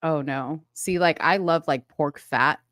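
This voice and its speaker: A woman's voice: low-pitched, measured pace, a bit bright, dry recording. A woman co-hosting a live talk show, chatting casually and laughing often. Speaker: co-host. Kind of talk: casual chat.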